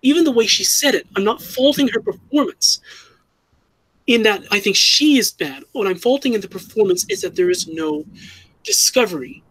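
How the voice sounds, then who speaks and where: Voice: medium pitch, lively intonation, moderate pace, a bit bright, breathy edge, no echo, rough recording. A fan commentator giving an earnest, critical opinion, often restarting and correcting themselves mid-sentence.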